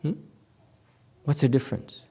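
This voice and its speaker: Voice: unhurried, mellow. A Zen teacher and native Korean speaker giving a Buddhist dharma talk in English, playful, laughing often and quizzing the audience.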